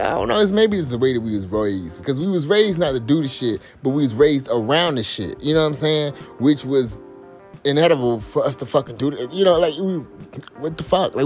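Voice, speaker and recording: A man's voice: medium pitch, darkish tone. A man hosting a casual commentary podcast, talking in a loose, rambling way with heavy swearing and constant fillers. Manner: profane, rambling, lots of fillers. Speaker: podcast host.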